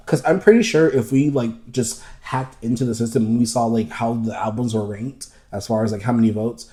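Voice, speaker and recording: A man's voice: mid-range voice, moderate pace, warm tone. A man hosting a podcast in casual chat, ranting with heavy profanity and emphatic repetition. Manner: campy, mocking quoted voices. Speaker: podcast host.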